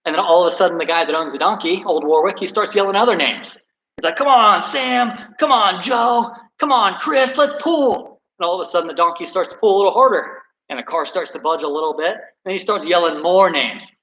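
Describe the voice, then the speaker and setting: A man with a fairly high voice leads a workout and tells a story in a relaxed, chatty way. He is friendly and self-deprecating, a soccer coach talking to his players. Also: fast talker, low-quality recording. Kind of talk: casual workout video and storytelling.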